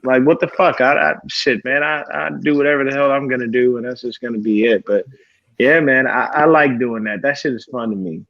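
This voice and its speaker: A man's voice: mid-range voice, fairly quick, no echo, lo-fi sound. A man co-hosting a sports podcast, talking casually with lots of swearing and fillers. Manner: profane, rambling, many fillers. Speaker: podcast co-host.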